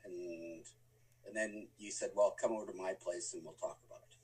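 A man chiming in on a shared story in a casual chat, adding his side quickly. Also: sits low, fairly even intonation, darkish tone. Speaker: guest and partner in the story. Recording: voice from a distant mic.

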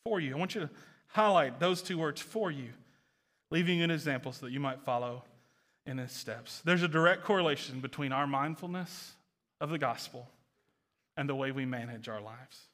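A man preaching a sermon as pastor, earnest and building to impassioned, near-shouted passages. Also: medium pitch, a little fast.

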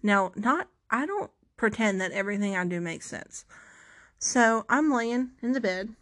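A woman's voice: fairly high pitch, animated, measured pace, a bit bright. Young woman, casual vlog storyteller; theatrical, self-deprecating, rambly delivery. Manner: self-mocking, dramatic, rambling with restarts. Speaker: vlogger.

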